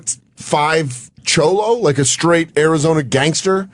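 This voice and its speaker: Animated young comic telling a story. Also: male voice, a little high, normal speed, no room sound. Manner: animated storyteller, acts out quotes, laughs often. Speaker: comedian guest. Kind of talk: casual radio show chat.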